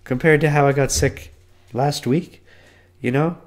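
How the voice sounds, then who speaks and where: A man in his twenties hosting a solo podcast, hoarse from being sick, telling a rambling, profane story. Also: unhurried. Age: 20s. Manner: voice cracks and breaks on high notes. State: hoarse, losing his voice from illness. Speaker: podcast host. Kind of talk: casual solo podcast monologue.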